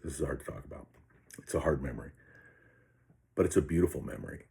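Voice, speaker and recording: Low-voiced older man telling his story. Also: gravelly, mellow. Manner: halting and earnest, with frequent restarts and repeated words. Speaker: retired police officer recounting an experience. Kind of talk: personal storytelling, reading from his own notes.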